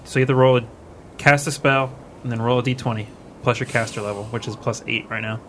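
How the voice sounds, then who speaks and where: A man with an average-pitched voice works through game rules aloud, hesitating and musing. Faint noise sits under the recording. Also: steady tone, fast. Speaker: player. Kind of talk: tabletop game play, rules talk.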